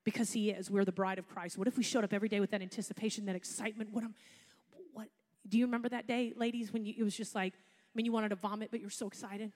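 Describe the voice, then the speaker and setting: A woman's voice: mid-range voice, steady tone, fast talker, a little mellow, in a large hall. A woman pastor, preaching a sermon in a chatty storytelling way with asides.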